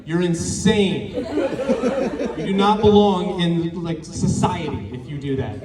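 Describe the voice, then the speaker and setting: A man's voice: high voice, takes it slowly, heavy background noise. A man performing a crude, rambling stand-up set at an open mic, acting out the people in his stories. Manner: crude, rambling storytelling with acted-out quotes. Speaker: stand-up comedian. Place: open mic show in a bar or small venue. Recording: echoey room, mic from a distance. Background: crowd reactions.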